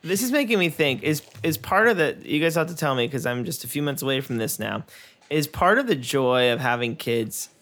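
A man's voice: a little high, expressive, a little fast, fairly bright tone. A man co-hosting a podcast, chatting and reminiscing with frequent laughter. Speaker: podcast co-host. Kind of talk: casual chat.

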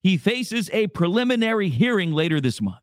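A man's voice: high-pitched, very animated, fairly quick, no room sound, studio quality. A man hosting a radio show, chatting casually in a rambling, jokey way. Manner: rambling, jokey, repeats himself.

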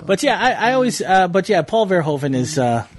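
A man's voice: high-pitched, sing-song, a little fast. A man hosting a casual chat, rambling with fillers and laughing often. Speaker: podcast host.

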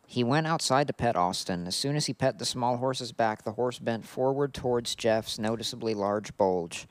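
A man's voice: medium pitch, moderate pace, no room sound. A man co-hosting a podcast, chatting casually and reading fan fiction aloud while often laughing. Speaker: podcast co-host.

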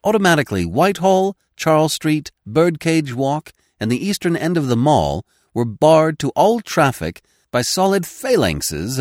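A man reading a classic crime story aloud as narrator, lively and giving each character their own voice. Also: medium pitch, no echo, studio quality. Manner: animated, voicing each character in turn. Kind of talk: scripted audiobook narration.

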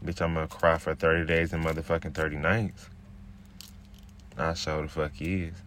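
A man's voice: flat delivery, normal speed, a bit bright, a little hiss or hum. A man, ranting on his podcast in a brash, profane, casual way. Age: 20s. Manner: drops into a low, laid-back murmur while rolling a blunt. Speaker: podcast host. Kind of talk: casual rant.

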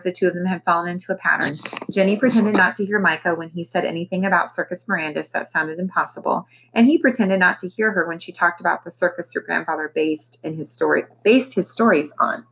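A woman teacher reading a children's novel aloud with expressive storytelling. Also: lowish voice, fast talker, rough recording.

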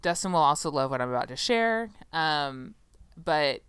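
A woman's voice: deep voice, animated, moderate pace, a bit bright, smooth, no room sound. A woman co-hosting a podcast in casual chat, chatty and sarcastic, rambling and laughing often. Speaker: podcast co-host.

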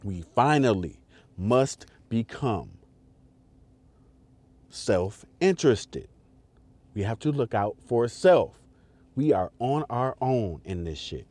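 A man's voice: medium pitch, big pitch swings, slow, long pauses, a little mellow, dry recording. Guy on his podcast going off, preachy and repetitive, swears a lot, voice all over the place. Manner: emphatic, repetitive, profane, preaching directly to listeners. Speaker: podcast host. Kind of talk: impassioned political commentary monologue.

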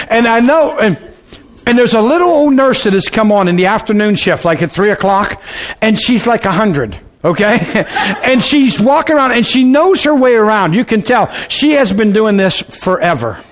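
A middle-aged man preaching, telling a comic personal story in an animated, folksy way. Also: high-pitched, a little fast. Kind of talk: humorous sermon storytelling.

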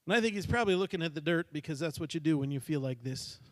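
Middle-aged guy preaching, pretty high voice, acts out the characters, dry close sound. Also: lively intonation, fast talker, dry recording. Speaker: pastor. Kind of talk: sermon storytelling.

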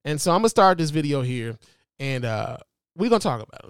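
A man in his forties hosting a show, giving animated, joking commentary full of profanity. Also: fairly high pitch, a little fast, smooth, no room sound, studio quality. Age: 40s. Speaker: host. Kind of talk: casual commentary.

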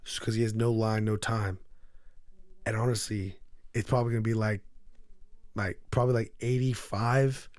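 Excitable, profane male podcast co-host. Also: lowish voice, normal speed, pauses often. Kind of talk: casual sports chat.

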